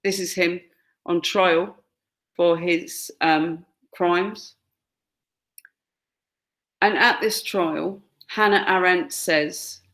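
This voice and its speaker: A woman's voice: fairly low pitch, fairly bright tone. A woman gives a classroom lecture, pointing out pictures and acting out quoted lines. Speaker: teacher.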